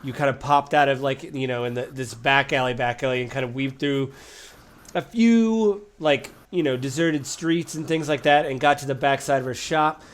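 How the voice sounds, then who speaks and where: A man's voice: mid-range voice, normal speed. Rambling man running a tabletop game. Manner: casual, rambling with many fillers. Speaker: game master.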